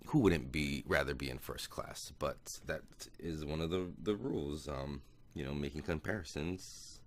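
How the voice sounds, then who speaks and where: A man casually recapping a movie plot as a podcast host. He rambles, fills pauses with ums, corrects himself and chuckles now and then. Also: very deep voice, slight background noise. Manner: rambling, with many fillers and self-corrections.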